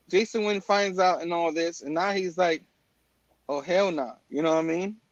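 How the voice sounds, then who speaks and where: A man's voice: sits high, no echo, highs cut off. A man hosting a casual comic book talk show, rambling with lots of fillers and restarts. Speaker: podcast host. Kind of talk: casual chat.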